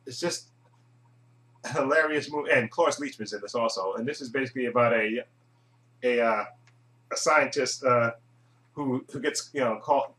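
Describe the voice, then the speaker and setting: A man giving a casual, rambling movie review monologue, chuckling often and filling pauses with "uh". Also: medium pitch, pushed and bright. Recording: echoey room.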